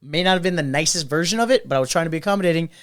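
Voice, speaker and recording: A man's voice: on the high side, very fast, clear, resonant tone. A man co-hosting a podcast, casually telling a bar story with lots of swearing and acted-out quotes. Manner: animated, profane, acts out quoted voices. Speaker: podcast co-host; bartender.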